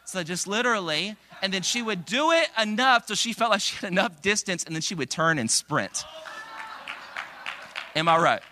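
A young man preaching a sermon, energetic and animated, acting out quotes with big jumps in his voice. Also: sits high, moderate pace, long pauses. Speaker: pastor.

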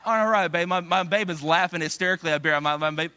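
Lively bright-voiced man preaching. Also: fast, clean tone. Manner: energetic, animated, acts out quotes with big pitch jumps. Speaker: pastor. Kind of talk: sermon.

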